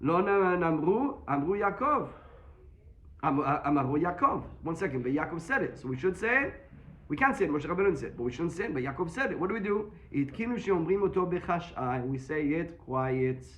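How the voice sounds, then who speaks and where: Talmud teacher, male, high-pitched and rapid, animated explainer. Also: dull audio. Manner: quick, animated explaining, mixing Hebrew and English. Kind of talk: Talmud class.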